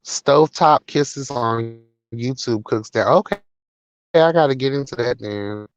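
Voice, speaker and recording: A man's voice: mid-range voice, unhurried, no room sound. A man hosting a casual livestream, talking in a sassy, profane, dramatic way. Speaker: livestream host reading chat. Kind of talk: casual chat.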